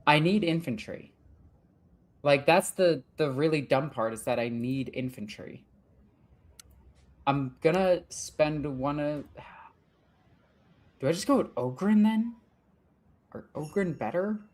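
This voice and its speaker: A woman's voice: sits low, expressive, slow, long pauses, darkish tone. Frustrated woman thinking aloud over a game. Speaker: gaming channel host. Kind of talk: let's play commentary.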